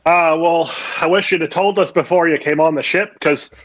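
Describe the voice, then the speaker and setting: A man's voice: on the high side, fairly even intonation, moderate pace, fairly bright tone. A man playing a strict pirate ship captain in a mock-Irish pirate voice, in an improv scene. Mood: scolding. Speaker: improv performer. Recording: dull lo-fi audio.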